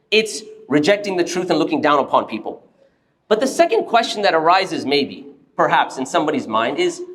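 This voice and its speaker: High-pitched male preacher, animated storytelling sermon, mosque. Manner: animated storyteller, acts out quoted voices. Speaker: preacher giving a Friday sermon.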